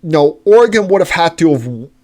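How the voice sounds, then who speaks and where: A man's voice: fairly high pitch, animated, a little fast, darkish tone. A man hosting a solo sports-talk podcast, giving opinionated, indignant commentary with frequent filler words. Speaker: podcast host.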